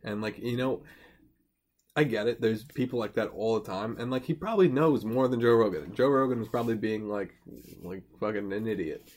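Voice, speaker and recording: A man's voice: fairly low pitch, fairly quick, a little mellow. A young man co-hosting a podcast, rambling crudely in casual banter with laughing asides. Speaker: podcast co-host.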